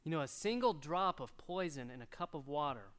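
A middle-aged man preaching a sermon, animated and storytelling, acting out little voices as he goes. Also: fairly high pitch, brisk, clear, resonant tone. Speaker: pastor.

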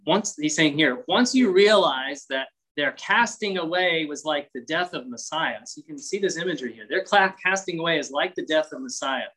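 A male pastor delivers an expository sermon, moving from reading verses to explaining them in a relaxed, conversational tone. Now and then he briefly acts out the voices of people in his examples. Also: fairly high pitch, moderate pace, hardly any pauses, poor audio. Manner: conversational preaching with acted-out voices.

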